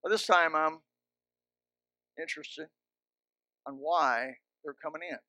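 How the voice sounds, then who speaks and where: A man delivers a sermon at a high pitch, with a bright, cutting tone. He stacks short, emphatic commands and drops wry jokes along the way. The mic sound is close and dry. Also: slow pace, no echo. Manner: emphatic, repetitive commands with joking asides. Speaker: pastor. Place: church. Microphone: handheld or stand microphone.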